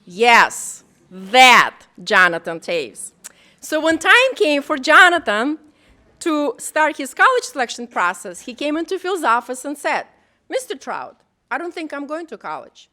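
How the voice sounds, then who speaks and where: A woman introducing the keynote speaker at a school event, playful and warm as she builds him up. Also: high-pitched, very animated, measured pace. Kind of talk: introduction speech. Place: auditorium.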